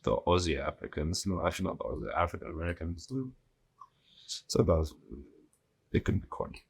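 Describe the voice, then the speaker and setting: Deep husky man, blunt podcast host. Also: a little fast. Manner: blunt, profane, joking. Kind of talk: casual solo podcast.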